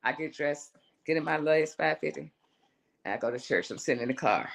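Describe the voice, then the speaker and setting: A woman, a singer and songwriter, telling a personal story on a live show in a lively way, acting out voices and calling her listener "girl". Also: low-pitched, fairly quick, vocal fry. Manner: animated, acts out her own voice and inner voices, calls the listener "girl".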